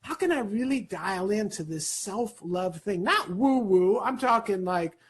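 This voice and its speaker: A man speaking as a guest in an interview, giving an energetic motivational talk, animated and rapid, with a husky voice. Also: high voice. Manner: animated, rapid, peppered with "right?".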